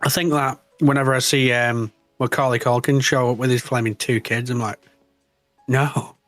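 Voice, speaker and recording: A man trades casual banter, rambling through jokey asides at a middling pitch. His voice sounds dry and close. Faint music plays underneath. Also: flat delivery, fairly quick, fairly bright tone, no echo. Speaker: co-host.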